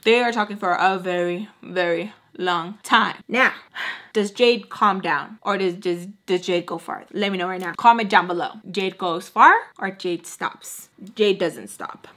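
A woman's voice: fairly low pitch, moderate pace, fairly bright tone. A young woman beauty vlogger telling a personal storytime in a casual, chatty way, full of "like" and asides to viewers. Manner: casual, chatty, heavy use of "like". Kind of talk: storytime while doing makeup.

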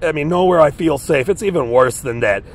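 A man's voice: on the high side, brisk. A man speaking outdoors in a park, rambling in an agitated way while reading headlines and recounting threats. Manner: agitated, rambling, repeats himself. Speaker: vlogger.

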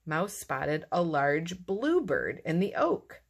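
A woman with a low voice reads a children's storybook aloud, unhurried and expressive. Her tone rises and falls a lot as she tells the story. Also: gravelly, slightly rough. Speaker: narrator.

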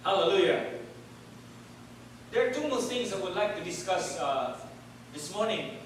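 In a church hall, a male preacher with a high voice and big pitch swings delivers a sermon a little slowly, calling on the congregation to answer back and repeat his words. The recording is echoey and distant, with a little hiss or hum.

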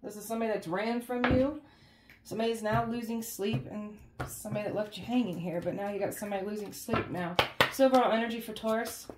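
A woman with a mid-range, steady voice talks fast while giving her viewers a casual tarot reading from home, a cat nearby. She's chatty but emotionally shaken, fighting back tears and often tacking "okay?" and "guys" onto her phrases. The room sounds roomy, and there's heavy background noise.

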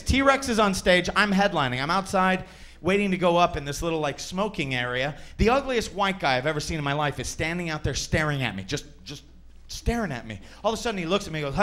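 A young man doing stand-up comedy, telling a story and acting out the people in it with shrill voices. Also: fairly quick. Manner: animated, acts out characters in shrill voices.

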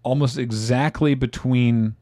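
A man's voice: medium pitch, fairly even intonation, measured pace, warm tone. A man hosting a casual podcast panel, reading out listener suggestions and laughing often.

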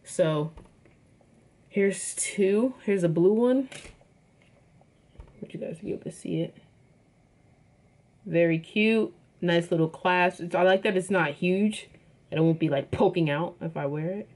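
A woman's voice: lowish voice, moderate pace, long pauses, darkish tone. A woman chatting casually to her viewers as she unboxes and shows off jewelry, calling them y'all. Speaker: vlogger.

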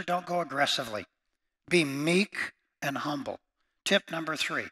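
Bright-voiced preaching man. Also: fairly high pitch. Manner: emphatic, repeats each point, addresses listeners as friends. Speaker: pastor. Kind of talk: sermon.

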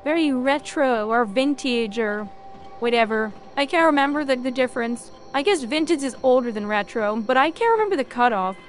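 A woman's voice: sits high, lively intonation, moderate pace. A woman streamer chatting casually and rambling jokingly to viewers while she plays a game. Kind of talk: casual gameplay chat.

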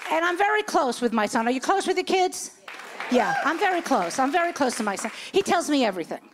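A woman's voice: high-pitched, fairly quick, a crowd in the background, noisy background. A woman in her sixties doing a stand-up comedy set, telling brash stories and acting out the voices in them. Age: 60s. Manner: brash, animated storytelling with acted-out voices.

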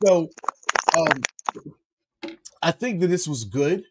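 Upbeat podcast co-host guy, voice on the higher side, laughs a lot. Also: expressive, slow, slightly rough. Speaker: wrestling review co-host. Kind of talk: casual podcast chat.

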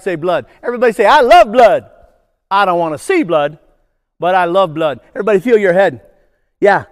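A high-voiced older man leads a children's nature program, calling out prompts for the crowd to chant back. His delivery is playful and bouncy, and a long hall reverb trails every phrase. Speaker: nature educator.

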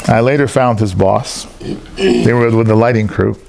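A man's voice: mid-range voice, moderate pace, vocal fry, background noise. A man preaching a sermon in a church hall, telling personal stories and acting out the voices of the people in them. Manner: animated storytelling, acts out other people's lines.

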